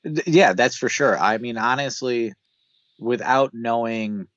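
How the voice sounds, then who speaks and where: A man's voice: medium pitch, unhurried, fairly bright tone, dry recording, dull audio. A man co-hosting a film podcast, chatting casually and loosely with a lot of filler words. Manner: loose and conversational, frequent "like" fillers. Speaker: podcast co-host.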